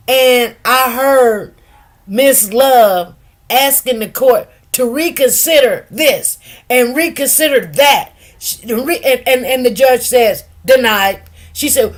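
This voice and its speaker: Animated, gossipy woman commentator. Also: high-pitched. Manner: animated, gossipy, laughs often, acts out quotes. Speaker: news commentary host. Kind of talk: casual commentary.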